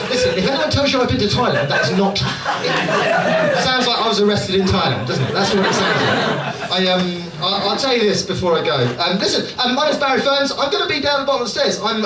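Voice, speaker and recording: A high-pitched male stand-up comedian from Dorset, England, does live crowd work at a London comedy club, chatty and profane with frequent "right?" tags. He's recorded from a distance in the roomy club, with loud audience noise.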